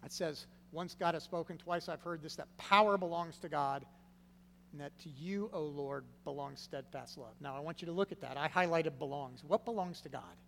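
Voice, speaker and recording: A man preaching a sermon, stressing key words loudly and then dropping to a hushed, low delivery. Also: moderate pace, vocal fry. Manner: swings from loud emphatic stresses to hushed low phrases. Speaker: pastor. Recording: long reverb with faint hum.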